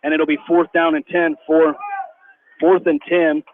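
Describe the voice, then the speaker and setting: High-voiced radio play-by-play man. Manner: rapid, rising excitement on big plays. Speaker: play-by-play announcer. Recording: tinny phone-like radio broadcast with faint hiss.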